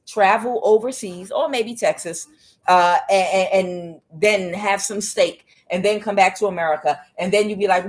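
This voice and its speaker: A woman's voice: mid-range voice, normal speed. A woman giving a casual tarot reading, talking in a chatty, profane way with many fillers and calling the listener honey and child. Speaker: tarot reader.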